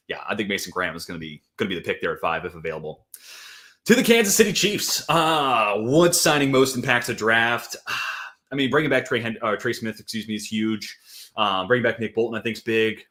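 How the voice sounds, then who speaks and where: A man with a fairly low voice co-hosts a football show and talks quickly. His delivery is loose and conversational, full of "dude" and "like." He hands the questions over to his co-host. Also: sharp tone. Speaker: fantasy football podcast co-host. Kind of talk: casual sports chat.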